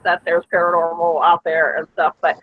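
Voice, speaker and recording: A woman in a casual group chat, giggly and halting, with many fillers. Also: lowish voice, level tone, narrow, tinny audio.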